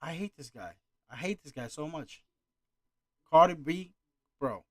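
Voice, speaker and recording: A man's voice: on the high side, animated, unhurried, no echo. A man ranting through a casual reaction commentary, annoyed and swearing often. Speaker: reaction streamer.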